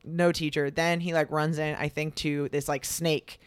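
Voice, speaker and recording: A young man casually retelling a myth, full of fillers and quick acted-out quotes. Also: fairly high pitch, flat delivery, clean tone, dry recording. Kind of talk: casual storytelling chat.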